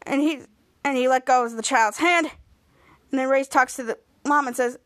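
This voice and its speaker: A woman's voice: high-pitched, moderate pace. A woman hosting a podcast, casually retelling a TV episode and acting out the characters' lines. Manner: acts out characters' lines with lively voices. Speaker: podcast host.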